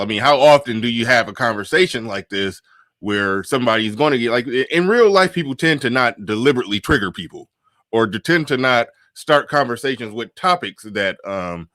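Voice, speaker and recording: A man's voice: mid-range voice, fairly bright tone, no echo, clean studio sound. A man hosting a casual livestream talk show, rambling through his thoughts with many restarts and fillers. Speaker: host.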